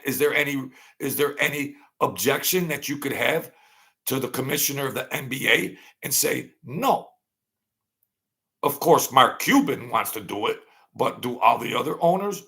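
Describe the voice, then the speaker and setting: A man's voice: mid-range voice, animated, normal speed, gravelly, fairly bright tone. A man giving opinionated commentary as a podcast guest, emphatic, with frequent stumbling restarts.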